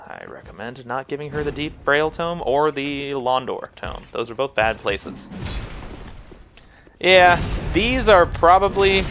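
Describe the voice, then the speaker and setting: A man's voice: medium pitch, gravelly, pushed and bright. A young man giving casual, joking commentary over video game footage, teasing the enemies and making playful little sound effects. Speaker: game guide host.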